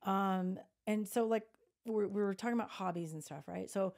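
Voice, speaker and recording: A woman in her fifties co-hosting a podcast, telling lively stories in a casual chat and swearing freely. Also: mid-range voice, normal speed. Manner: animated storyteller, swears freely, quotes people in acted voices. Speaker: podcast co-host.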